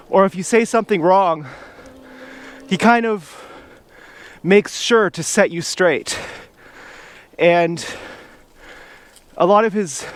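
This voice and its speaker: A man vlogging while he rides an ebike along outdoor trails, telling a meandering, drawn-out story in a calm, stoned manner. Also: sits high. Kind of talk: rambling monologue while riding. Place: outdoors on nature trails by a river. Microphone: camera on an ebike.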